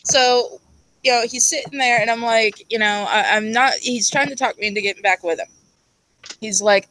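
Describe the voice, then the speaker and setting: A woman's voice: a little high, steady tone, fairly quick, a bit bright, poor audio. A woman telling a crude personal story in casual chat, blunt and laughing as she acts out what others said. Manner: blunt, crude and laughing, acting out quoted speech. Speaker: storyteller guest.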